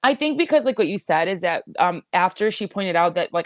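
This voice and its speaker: A woman co-hosting a casual recap podcast, talking in a rambling way full of fillers and quick asides. Her voice sits a little low for a woman. The recording is close and dry. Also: no echo. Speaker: podcast co-host.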